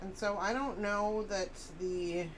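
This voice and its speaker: A woman's voice: mid-range voice, fairly even intonation, takes it slowly, a little hiss or hum. A woman chatting casually on a live stream, rambling and reading chat messages aloud.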